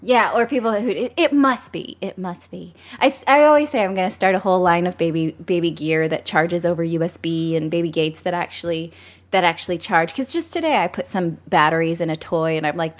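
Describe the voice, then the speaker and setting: A woman's voice: on the low side, brisk. Chatty pregnant woman host. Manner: chatty, laughs often. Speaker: podcast host. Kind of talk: casual chat.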